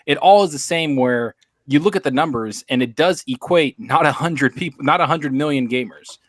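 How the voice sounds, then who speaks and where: A man's voice: a little high, moderate pace, no echo. Male panelist, opinionated, casual rant, dry close mic. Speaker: podcast panelist.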